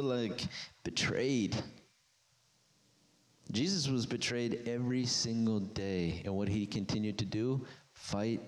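A man reading scripture aloud and preaching a sermon, his voice climbing high and loud at emphatic peaks. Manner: emphatic, rising to near-shouted peaks when stirred.

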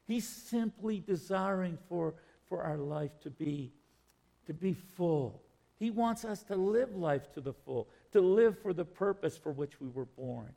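A man preaching a sermon in a slow, measured way, often repeating his phrases. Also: sits high, expressive, gravelly, warm tone.

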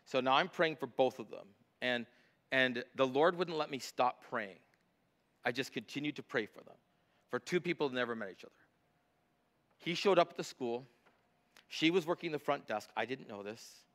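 A middle-aged male pastor delivers a sermon, growing emphatic on scripture and softer during personal stories. His mid-range voice moves at a moderate pace, with frequent pauses.

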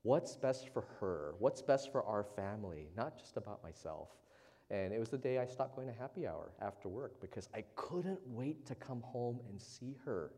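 A man preaching a casual, conversational sermon as the pastor in a church service, chatty and relaxed, often tossing in "right?" to the congregation. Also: lowish voice, moderate pace. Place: church sanctuary during a service. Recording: long reverb of a large church hall.

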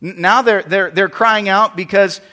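Guy preaching in a church, bright voice, big hall echo, keeps repeating himself. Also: sits high, fairly even intonation, a little slow. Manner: expository preaching, repeats words and restarts phrases. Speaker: pastor. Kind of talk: sermon. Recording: long reverb of a large hall.

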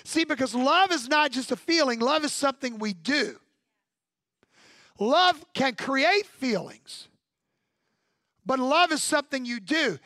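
A man's voice: very high-pitched, sharp tone, no room sound. A male pastor preaching a sermon in punchy repeated phrases, drawing call-and-response from the congregation.

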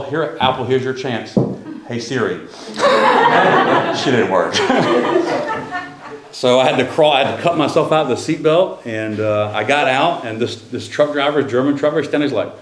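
A man's voice: mid-range voice, reverberant, noisy background. A middle-aged man, a pastor preaching a sermon and telling a personal story in a loose, conversational way with restarts. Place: church sanctuary.

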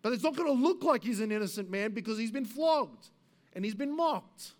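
A man preaching an expository sermon as pastor, earnest, rising for emphasis and dropping to hushed passages. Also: expressive, moderate pace. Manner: earnest, swings between raised emphasis and hushed low passages.

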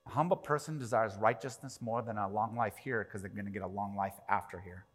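A man preaching a sermon as pastor, animated, swinging from quiet to loud and acting out quoted prayers. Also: on the low side, a little fast. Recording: long reverb of a large hall.

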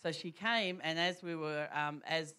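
Bright-voiced woman telling a story. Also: low-pitched, measured pace, smooth. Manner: animated, laughing often, many restarts. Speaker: church speaker. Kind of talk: storytelling testimony.

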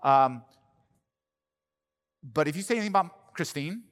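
A man preaching as pastor of his church, telling stories in a conversational way that breaks into loud, animated bursts. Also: fairly high pitch, unhurried. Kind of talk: sermon. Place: church sanctuary. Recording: long hall reverb.

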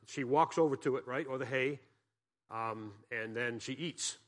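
A man's voice: medium pitch, measured pace. A man from Massachusetts giving a guest sermon as a pastor, telling folksy, joking stories and asking the congregation questions.

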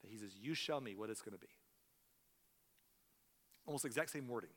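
A man's voice: fairly low pitch, animated, fairly quick, fairly bright tone, in a large hall. A man preaching a sermon as a pastor, telling a story and acting out the characters' lines. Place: church sanctuary.

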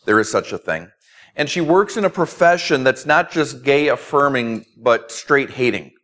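A man's voice: mid-range voice, lively intonation, normal speed, a bit bright. A man preaching a sermon as pastor, earnest, with emphatic repetition.

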